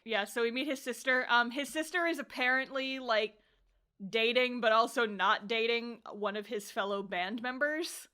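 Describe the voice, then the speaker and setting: A young woman co-hosting a podcast, casually recapping an anime episode with animated storytelling, acting out characters' lines, laughing and swearing. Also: a little high, moderate pace, clear, resonant tone. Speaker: podcast co-host reviewing anime.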